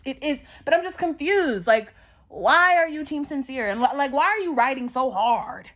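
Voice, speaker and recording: A woman giving a chatty, opinionated recap of a reality show, her voice sitting a little high. She talks in a sassy, animated way, swears freely and laughs often. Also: normal speed. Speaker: recap vlogger.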